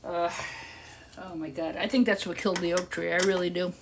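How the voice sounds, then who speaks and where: An older woman with a lowish voice and brisk delivery hosts a live stream, chatting through a long story as she works. Frequent laughter runs through it, and she grows animated when quoting people. The clear recording picks up clicks and background noise.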